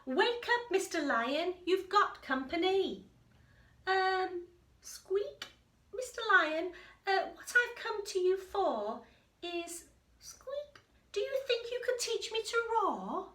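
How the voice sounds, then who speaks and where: A woman voicing a tiny, timid male mouse in a storybook reading, squeaky and hesitant. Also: big pitch swings, slow, a bit bright, reverberant, recorded from a distance, full character voice. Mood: timid pleading.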